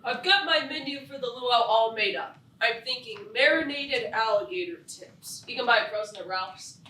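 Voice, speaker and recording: Actress doing a fussy chatty beach kid, high bright voice, echoey stage far off. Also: female voice, normal speed, a little hiss or hum. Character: chatty young beach bum Yo-Yo, fussy about food. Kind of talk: live stage acting.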